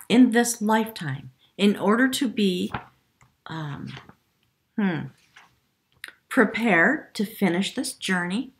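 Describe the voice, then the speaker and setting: A woman giving a spiritual tarot reading to camera, effusive and emotional, often dropping her voice to a hushed whisper. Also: medium pitch, a little hiss or hum. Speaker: tarot reader.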